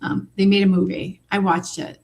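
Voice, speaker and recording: A woman with a Midwestern American accent talks in casual podcast chat. Her voice sits at a middling pitch, and she rambles in an animated way with plenty of "like" and "um". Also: moderate pace. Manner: chatty, animated, many fillers. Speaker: podcast co-host.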